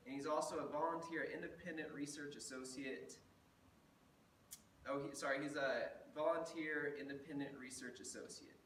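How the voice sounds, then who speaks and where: A young man introduces the evening's speaker to his student group, reading a bio aloud in a halting way and correcting himself as he goes. He is set back from the mic in a roomy, echoing space, and his voice is fairly high. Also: steady tone, fairly bright tone, a little hiss or hum. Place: large echoey room. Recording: echoey room, far from mic.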